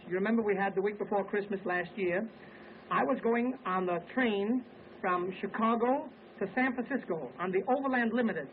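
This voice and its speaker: High-voiced wisecracking vaudeville comedian man. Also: slight background noise. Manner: wisecracking, brisk joke-telling patter. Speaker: comedian and singer. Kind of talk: 1920s vaudeville comic monologue. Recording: tinny early acoustic record with band. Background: orchestra music.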